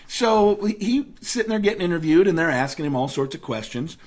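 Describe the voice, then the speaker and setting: A middle-aged man as an interview guest, telling a personal story in a lively, storytelling way. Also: fairly high pitch, brisk, few pauses. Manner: animated storyteller who acts out voices in his anecdotes.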